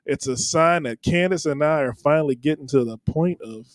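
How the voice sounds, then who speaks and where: A man's voice: fairly high pitch, normal speed, dry recording. A man co-hosting a comedy podcast in brash, rambling casual chat. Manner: brash and rambling, with a Southern 'y'all'. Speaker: podcast co-host.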